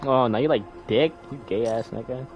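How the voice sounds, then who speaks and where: A young man giving loud, swearing, exasperated commentary while playing a game. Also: medium pitch, moderate pace, dull audio, over music. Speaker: gamer streamer. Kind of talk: casual gameplay commentary.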